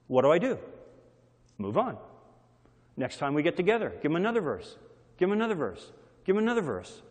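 Male preacher in mid-sermon, rhythmic repetition, slightly high-pitched, recorded with a long reverberant hall tail. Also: very animated, fast talker, long pauses, a little mellow. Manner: repetitive call-and-response phrasing, varied emphasis.

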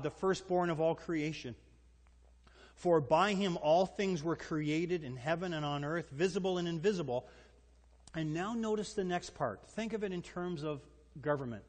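A man delivers a sermon in an emphatic, animated style, pressing his listeners with rhetorical questions. His voice sits a little higher than most men's. It carries a long reverb tail, as if from a large hall. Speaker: pastor.

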